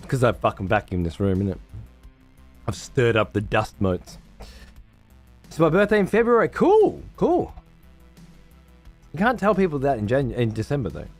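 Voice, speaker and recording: A man's voice: medium pitch, sing-song, normal speed, long pauses, faint music behind. A man hosting a livestream from his room at home, chatting casually with viewers in profane, sarcastic banter. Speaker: livestream host.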